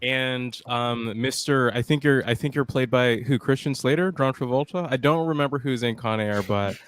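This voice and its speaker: A man judging a comedy debate, hesitant with many pauses. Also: medium pitch, a little hiss or hum. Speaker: panel judge.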